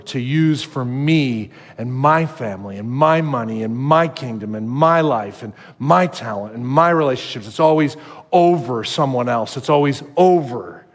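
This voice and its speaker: A man pastor preaching a sermon, animated and acting out the voices he quotes. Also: medium pitch, normal speed, big-room sound.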